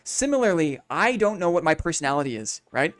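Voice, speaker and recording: A man's voice: fairly high pitch, big pitch swings, a little fast, faint music behind. A man chatting casually on a live game stream, upbeat and reflective, rambling through his thoughts in a friendly way.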